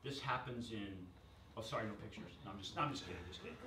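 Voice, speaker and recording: A man giving a lively workshop presentation to a room, joking and quizzing the audience. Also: fairly low pitch, fast talker, over a noisy crowd. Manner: energetic, jokey, asks the audience questions. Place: chamber of commerce meeting room. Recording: echoey room recorded from far off.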